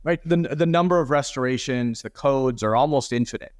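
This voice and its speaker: Guy explaining his product on a podcast, laid back, mid pitch, dry close sound. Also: brisk, dry recording. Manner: easygoing explainer with light laughs. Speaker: company co-founder guest. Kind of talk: casual podcast interview.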